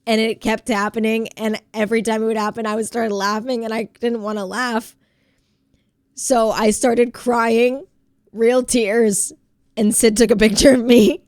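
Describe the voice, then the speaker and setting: A woman's voice: on the high side, level tone, unhurried, a little mellow, no room sound, studio quality. A woman streamer with a stuffy head cold, chatting casually and giggling as she reads her chat.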